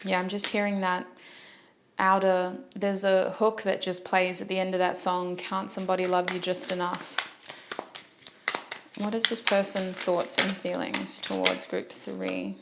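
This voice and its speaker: A woman's voice: medium pitch, creaky, background noise. A woman giving a casual tarot reading, chatty and joking, breaking off to apologize and correct herself. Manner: chatty, jokey, self-interrupting. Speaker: tarot reader.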